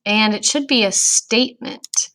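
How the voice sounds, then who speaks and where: A woman teacher giving a recorded grammar lesson to children, speaking clearly and patiently to young students. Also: mid-range voice, lively intonation, a little slow, background noise.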